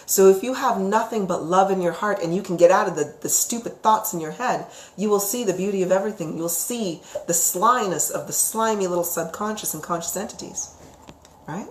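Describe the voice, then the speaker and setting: A woman teaching about psychic topics on a live stream, chatty and expressive, reading out viewer comments and often asking "right?". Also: medium pitch, brisk. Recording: roomy echo.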